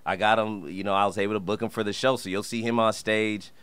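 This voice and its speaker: A man's voice: lowish voice, steady tone, fast, a bit bright, clear, resonant tone, dry recording. A man from Fresno, California, a stand-up comedian guesting on a radio show, telling stories animatedly and laughing often. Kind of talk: casual radio banter. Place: radio studio.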